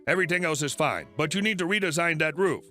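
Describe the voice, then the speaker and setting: Polite, unflappable male builder, steady delivery, read by a high-voiced man. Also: fast, soft background music. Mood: calm. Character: calm patient male immigrant builder.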